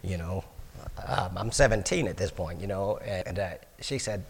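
Folksy low-voiced man in a reverberant hall. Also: animated, normal speed, gravelly, slightly rough. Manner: folksy, repeats and restarts words, acts out quoted dialogue. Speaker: speaker giving his testimony. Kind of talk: personal testimony storytelling.

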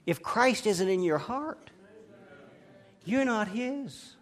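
A pastor with a high-sitting, lively voice preaches slowly and emphatically, his volume rising and falling as he tells anecdotes with a chuckle.

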